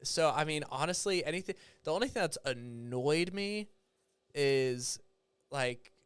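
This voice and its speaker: A man's voice: fairly high pitch, lively intonation, a little slow, clean tone. A man in his thirties, a father of two young sons, chatting casually as a podcast guest in an easygoing, rambling way and laughing often.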